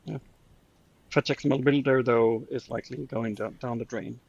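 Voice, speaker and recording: A man's voice: mid-range voice, fairly even intonation, moderate pace, creaky, dull audio, crowd noise. A man co-hosting a tech podcast in casual chat, making dry, joking remarks. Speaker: podcast co-host.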